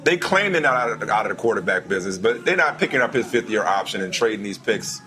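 A man hosting a sports talk show, debating with his co-host in a casual, animated way, often repeating himself as he talks. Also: on the low side, quick pace, faint music behind.

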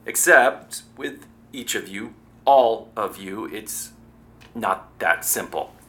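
An actor playing a brisk, persuasive political adviser in an audio drama. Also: male voice, lowish voice, a bit bright. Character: smooth political PR adviser man.

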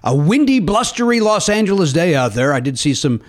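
A man's voice: sits high, sing-song, brisk. A man from Chicago hosting a casual comedy podcast, joking and swearing freely. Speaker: podcast host. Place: Los Angeles.

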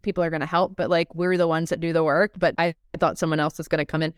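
A woman telling her personal story as a podcast guest, animated and acting out the dialogue she quotes. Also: low-pitched, quick pace, smooth, dry recording, clean studio sound.

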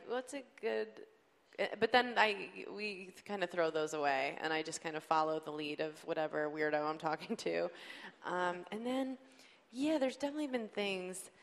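A woman's voice: on the low side, big-room sound. A woman telling stories on a live comedy panel, chatty and laughing as she goes. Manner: chatty, laughing, animated storytelling. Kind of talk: panel Q&A, casual storytelling. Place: live panel in a large venue.

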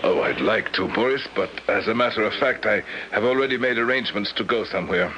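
An actor playing a polite, skeptical gentleman from Moscow who also narrates, in a 1970s radio drama. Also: lowish voice, slight background noise. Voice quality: polite, measured, slightly formal. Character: sophisticated man from Moscow, curious and skeptical. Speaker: narrator and lead character. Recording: dull lo-fi old radio broadcast.

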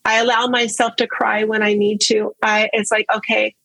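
An earnest woman speaks openly about her own life in a relaxed conversational way, often repeating words to stress them. Her voice sits a little high and has a husky edge. The sound is dry and close, with no room echo. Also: normal speed. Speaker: guest sharing her story. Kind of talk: casual personal testimony.

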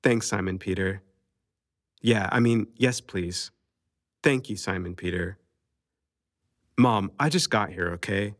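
Man as a subdued, defensive young adult, low and quiet. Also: slow pace, pauses often, no echo, clean studio sound. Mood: weary. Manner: quiet, tired, mumbled.

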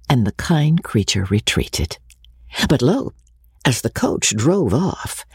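A woman reading a classic novel aloud in an expressive, wry, theatrical manner. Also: rumbling low, slow, vocal fry, husky, no echo, clean studio sound. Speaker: audiobook reader. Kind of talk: scripted audiobook narration.

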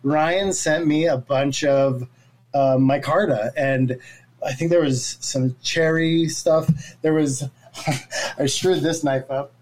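Easygoing higher-voiced man chatting. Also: steady tone, slow, darkish tone. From North Florida. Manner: easygoing, chatty, laughs often. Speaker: podcast guest. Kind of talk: casual chat.

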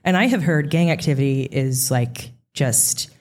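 A woman's voice: a bass voice, unhurried, darkish tone. A woman co-hosting a true crime podcast, talking casually with rambling restarts and sarcastic asides. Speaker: podcast co-host.

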